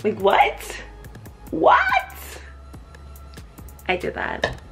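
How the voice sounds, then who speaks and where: A young woman talking casually in a vlog, chatty and profane, thinking out loud. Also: fairly low pitch, expressive, normal speed, creaky, soft background music. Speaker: vlogger.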